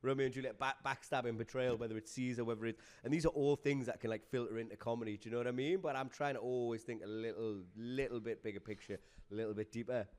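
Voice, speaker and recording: Fast-talking man telling comedy gig stories. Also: medium pitch, clean tone. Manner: animated storyteller, swears freely. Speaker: guest comedian. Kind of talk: casual podcast chat.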